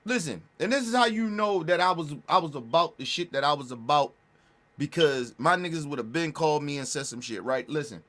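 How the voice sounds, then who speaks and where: A man talking casually and bluntly, repeating and restarting his phrases, with emphatic jumps in pitch and loudness. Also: a little fast. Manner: blunt, repetitive, restarts phrases, profane slang. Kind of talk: casual street talk commentary.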